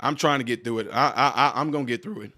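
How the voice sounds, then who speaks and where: Speaking at a quick clip with a sharp edge, this man's voice sits in the mid range. He hosts a reaction video, calling his viewers "y'all" straight on and firing off mocking rhetorical questions out of exasperation.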